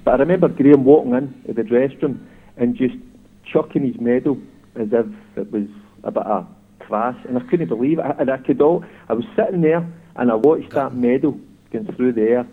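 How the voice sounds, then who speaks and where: A man's voice: mid-range voice, a little fast, breathy edge. A Scottish man in middle age phones in to a radio talk show. He recounts old memories in a reflective, conversational way, and his voice comes through a thin, tinny phone line. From Scotland. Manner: reflective storyteller. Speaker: caller, former footballer. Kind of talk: casual chat.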